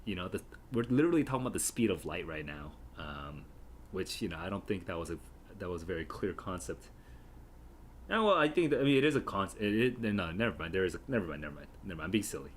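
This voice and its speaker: A man with a low, lively voice talks through his reactions to a play, chatty and musing. He often catches himself and corrects his words mid-thought. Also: fast talker, a little hiss or hum. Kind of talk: casual reading reaction.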